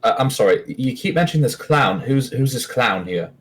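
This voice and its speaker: A man's voice: mid-range voice, expressive, moderate pace, lightly acted. A man voicing a prim, polite male circus performer in a tabletop game.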